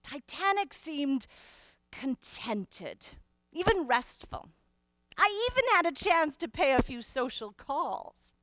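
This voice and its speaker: A woman recounting memories in character, unhurried and deliberate, her fairly high voice rising and falling with feeling. The sound is dry and close. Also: no room sound. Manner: slow, deliberate, expressive storytelling. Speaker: performer in character. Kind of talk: first-person historical monologue.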